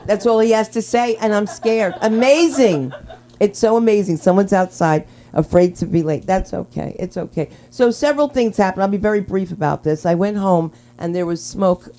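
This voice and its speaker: A woman's voice: medium pitch, normal speed, few pauses, slight background noise. A woman hosting an open mic on a small comedy club stage, telling rambling stand-up stories in a brash voice into a handheld mic. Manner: brash, rambling, swings into loud character voices.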